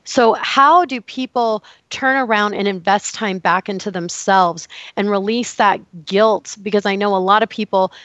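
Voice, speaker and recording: A woman's voice: mid-range voice, moderate pace, hardly any pauses, a bit bright, no room sound, dull audio. A woman hosting an interview, affirming and enthusiastic as she asks her questions. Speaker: podcast host.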